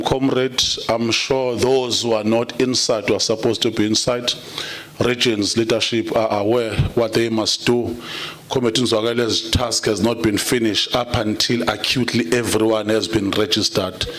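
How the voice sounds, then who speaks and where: A man's voice: mid-range voice, a bit bright. A South African man chairing a political summit, mixing English and Zulu and calling everyone comrade. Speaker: programme director.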